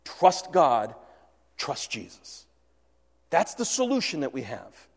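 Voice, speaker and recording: A man preaching a sermon, earnest, voicing the disciples' fears aloud and dropping to a hush at key lines. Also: mid-range voice, huge pitch swings, slow, gravelly, slightly rough. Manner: earnest, swings from loud to hushed. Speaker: pastor. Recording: long hall reverb.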